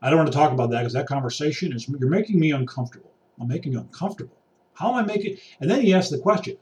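Fairly high and darkish, the voice of this vlogger comes rapid-fire and expressive as he paces an indoor room. His ranting monologue to camera is exasperated and preachy, veering between mutters and raised outbursts. He sounds distant from the mic.

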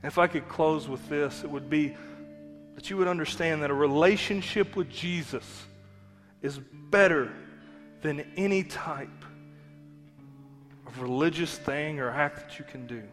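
This pastor's voice is fairly high and a bit bright, a little slow and broken by frequent pauses. His sermon is earnest and conversational, full of emphatic repetition. The church sanctuary lends long hall reverb, with faint music in the background.

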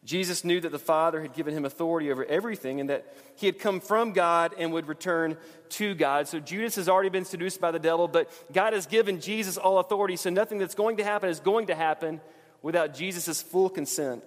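Earnest high-voiced preacher in a reverberant hall. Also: male voice, quick pace. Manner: earnest, emphatic, repeats phrases. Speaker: pastor. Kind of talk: sermon. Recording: long reverb of a large hall.

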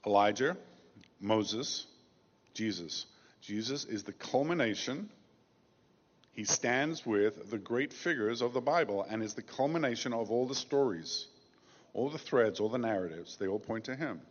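Male pastor, deep-ish voice, measured sermon delivery with stressed slow phrases; dull recording, long reverb. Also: expressive.

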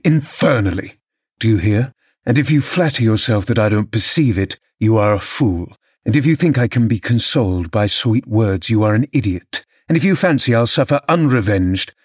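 A man's voice: on the low side, darkish tone, slightly rough, no echo, clean studio sound. A man doing a brooding, growling young villain. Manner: growling, cold and deliberate. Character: brooding, vengeful young man, surly and menacing. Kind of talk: audiobook character reading.

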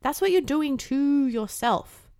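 A woman's voice: sits high, lively intonation, takes it slowly, darkish tone, dry recording, clean studio sound. A young woman giving casual, candid advice to the camera. She swears freely and acts out the voices in her head. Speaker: self-help vlogger.

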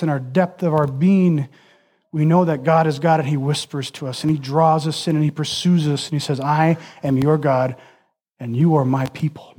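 Male preacher with a high voice, earnest and emphatic in the pulpit. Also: darkish tone. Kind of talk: sermon.

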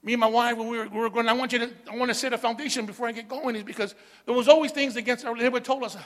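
Middle-aged male pastor with a high voice, animated call-and-response preaching in a reverberant hall. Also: rapid-fire. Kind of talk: sermon.

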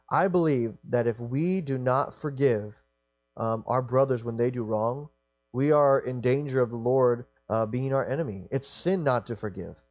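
A man delivers a sermon in an earnest, repetitive way, stumbling and restarting phrases as he goes. His voice sits at an ordinary middle pitch. The recording is dry, with no room echo. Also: a little mellow. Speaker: preacher.

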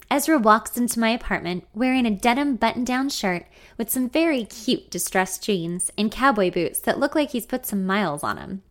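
A woman's voice: medium pitch, a bit bright. A woman reading a first-person audiobook story in an intimate, wry, confiding voice. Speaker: narrator.

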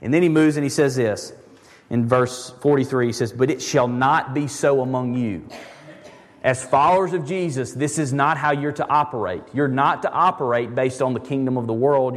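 A pastor preaching a sermon in a conversational, emphatic way, repeating words for stress. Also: male voice, mid-range voice, moderate pace, in a large hall.

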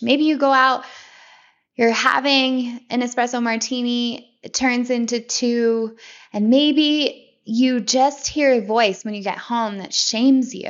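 A woman's voice: on the high side, lo-fi sound. Chatty woman hosting a self-help podcast. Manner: conversational, repeats words, restarts often.

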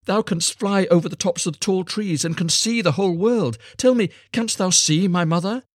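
A man doing a pleading young boy, high and sorrowful. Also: normal speed, no echo, studio quality.

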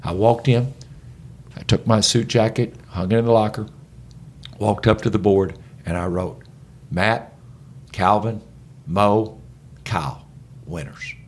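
A man's voice: lowish voice, unhurried, pauses often. A middle-aged man, a basketball head coach, telling stories animatedly as a podcast guest. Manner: animated, energetic storyteller. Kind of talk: conversational storytelling.

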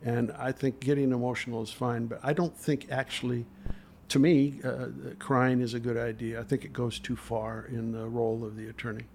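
A man's voice: mid-range voice, level tone, moderate pace, a little mellow, a little hiss or hum. An older man, a trial lawyer, tells courtroom stories in an interview in an earnest, emotional way with frequent hesitations. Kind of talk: storytelling in a podcast interview.

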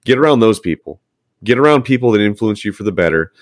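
A man's voice: on the low side, lively intonation, fast talker, dry recording, clean studio sound. A man, a firefighter, talking earnestly and encouragingly in a casual podcast chat, with frequent restarts.

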